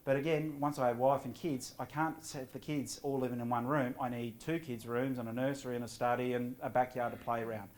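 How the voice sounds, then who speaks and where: A middle-aged man giving a property investment seminar to a live audience, lively and often quizzing the crowd. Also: mid-range voice. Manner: energetic, quizzes the audience with quick questions.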